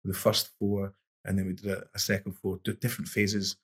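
A man's voice: low voice, monotone, fairly quick, slightly rough. A middle-aged man, a boxing coach and podcast guest, telling stories in an easygoing, rambling way with many restarts. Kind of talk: relaxed conversational storytelling.

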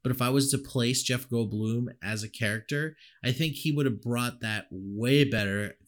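A man talking casually about a movie with a friend, rambling in loose half-finished sentences. He laughs often and swears now and then, his voice sitting at an ordinary middle pitch. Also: normal speed. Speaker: podcast co-host. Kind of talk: casual movie review chat.

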